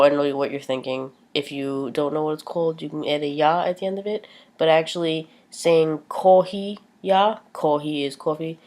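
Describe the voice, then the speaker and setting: A woman giving a casual vlog lesson, chatty and full of ums, slowing down to repeat each new word. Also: sits low. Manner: chatty, many ums, slows down to spell out words. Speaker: language teacher.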